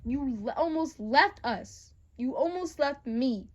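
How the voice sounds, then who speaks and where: A young woman voicing a gruff, hot-tempered teenage boy hero who swears and shouts, in a fan audio drama. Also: fairly high pitch, measured pace, lo-fi sound. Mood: pleading. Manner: angry, swearing, raising voice.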